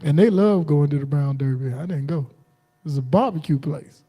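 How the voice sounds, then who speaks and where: Guy preaching on a livestream, high pitched but warm sounding, tells stories and acts out people. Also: normal speed. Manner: folksy storytelling with laughs and acted-out quotes. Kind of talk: informal sermon on a livestream.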